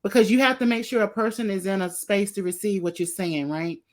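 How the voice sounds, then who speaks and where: A woman hosting a podcast interview who affirms her guest and gets excited as she responds. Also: brisk. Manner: warm affirming listener, gets excited, rising pitch. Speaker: podcast host. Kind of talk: interview conversation.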